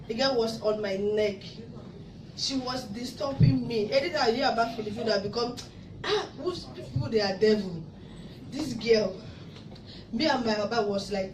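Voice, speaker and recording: A woman from Africa giving an emotional testimony at a church service, her voice rising to loud praise. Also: medium pitch. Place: church hall in Abu Dhabi. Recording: echoey hall, mic far off, noisy.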